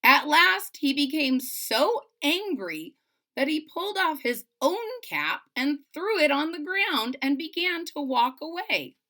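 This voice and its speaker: Bright, expressive woman reading to kids. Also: high-pitched, slow pace. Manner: expressive and playful, talks to young listeners. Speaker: storybook reader. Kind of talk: children's read-aloud with chatty asides.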